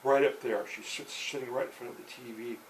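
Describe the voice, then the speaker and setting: Older guy rambling through a story, lots of you-knows and restarts, mid-pitched voice, bit of hiss behind. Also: fairly even intonation, rough recording. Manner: halting, many fillers and restarts.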